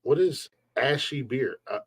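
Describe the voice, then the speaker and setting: Dude hosting a live stream podcast, cussing and joking around, dry close sound. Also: male voice, medium pitch, animated, unhurried, slightly rough, dry recording. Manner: blunt, profane, joking rants; laughs often between remarks. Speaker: podcast host reading chat. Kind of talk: casual live-stream chat.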